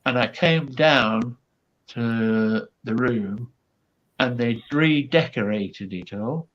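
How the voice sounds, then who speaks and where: A man's voice: medium pitch, slow, fairly bright tone, highs cut off. A man, a guest comedian, telling a rambling backstage anecdote full of quoted asides and fillers.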